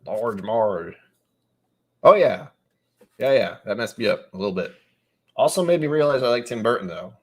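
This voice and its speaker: A man from New England chatting casually on a live stream. He reads out viewer comments and rambles along with wry, sudden animated asides. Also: on the low side, moderate pace, pauses often, slightly rough.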